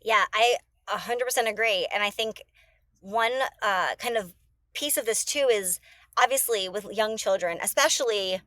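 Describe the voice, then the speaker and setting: A woman's voice: medium pitch, normal speed, a bit bright, no echo. A woman in her thirties, a mother and podcast guest, talking in a reflective, casual way with many fillers and restarts. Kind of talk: casual chat.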